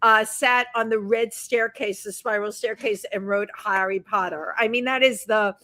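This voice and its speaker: A woman's voice: mid-range voice, fairly even intonation, normal speed, pushed and bright, no room sound. A woman co-hosting a talk show, telling a travel story in a chatty, laughing way. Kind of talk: casual chat.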